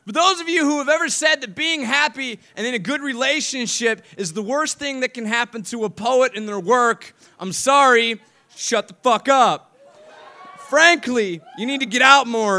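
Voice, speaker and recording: A man's voice: very high-pitched, moderate pace, pushed and bright. A man from Chicago performing spoken word poetry at a live open mic, with rhythmic repeated lines and crude, joking asides. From Chicago, United States.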